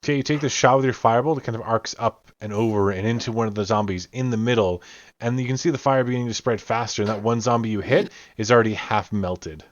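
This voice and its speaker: A man's voice: lowish voice, fast, no room sound. A man narrating as game master of a tabletop game, describing scenes at length with frequent fillers. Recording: dull lo-fi audio.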